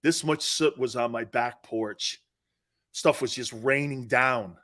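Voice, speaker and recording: A man from the Northeastern US hosting a sports talk show, telling profane, animated stories and laughing at his own jokes. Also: mid-range voice, takes it slowly.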